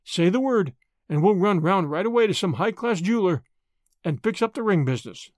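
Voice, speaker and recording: Brief: reader playing a bold, businesslike American suitor, lively delivery, dry close audiobook sound. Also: mid-range voice, brisk, dry recording, close to an everyday voice. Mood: persuasive. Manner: blunt, businesslike, persistent. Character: brash, confident young American man. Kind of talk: audiobook character voice.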